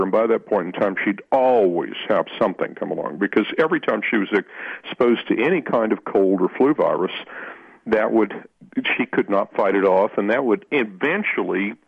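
A man's voice: fairly low pitch, breathy edge. A man telling a long story as a guest in an interview, often repeating words and restarting his sentences. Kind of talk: storytelling in conversation. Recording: muffled dry radio recording.

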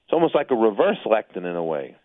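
A man with a lowish voice hosts, asking questions in a musing, loosely phrased way. His voice comes through a thin, phone-like line in a dry room. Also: big pitch swings, quick pace, no room sound. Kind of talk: casual interview questions.

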